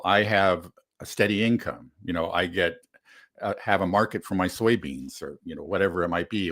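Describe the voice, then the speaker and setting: A man co-hosting a casual political chat, talking in a measured way with many fillers and frequent laughs. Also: sits low, a bit bright. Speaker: co-host.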